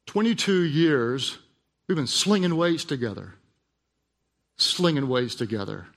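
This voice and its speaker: A man preaching a sermon, telling a personal story in a hushed voice and then building to emphatic, repeated lines. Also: medium pitch, very animated, moderate pace, gravelly. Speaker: pastor. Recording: long hall reverb.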